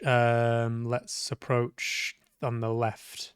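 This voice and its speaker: A man's voice: mid-range voice, fairly even intonation, slow, dry recording, studio quality. A man streaming a horror game, joking and talking back to its characters, swearing now and then when startled. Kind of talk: live gameplay commentary.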